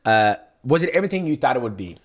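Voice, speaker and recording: A man's voice: mid-range voice, big pitch swings, fast. A man hosting a casual podcast interview, asking eager questions and backing up his guest with constant yeahs. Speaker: podcast host, retired fighter.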